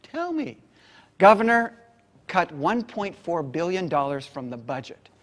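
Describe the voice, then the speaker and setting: A man's voice: fairly high pitch, sing-song, unhurried. A man quoting a female event organizer as she passes on bad news by phone. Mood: worried.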